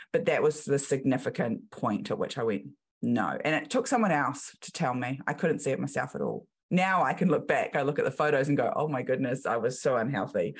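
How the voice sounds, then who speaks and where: A woman's voice: extremely low pitch, husky. A woman in her thirties with a New Zealand accent, a business coach telling stories in a podcast interview and acting out the voices of the people she quotes. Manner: lively storytelling, acts out quoted voices.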